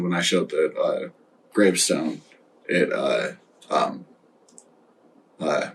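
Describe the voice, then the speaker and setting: A stoned man hosting a casual podcast chat, rambling and halting with many fillers. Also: low-pitched, fairly bright tone, recorded from a distance, a little hiss or hum, low-quality recording. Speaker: podcast host.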